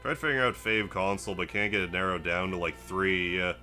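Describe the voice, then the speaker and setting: With a low-pitched voice and a brisk delivery, a man streams a game and chats casually over faint background music. His manner is relaxed and rambling as he greets the chat and muses aloud while playing.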